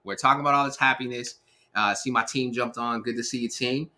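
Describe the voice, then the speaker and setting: Hyped up guy running his live stream, bright punchy voice, says um a lot, keeps repeating himself. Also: mid-range voice, a little fast. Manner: energetic, repeats phrases, many fillers. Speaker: livestream host. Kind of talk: casual live stream talk.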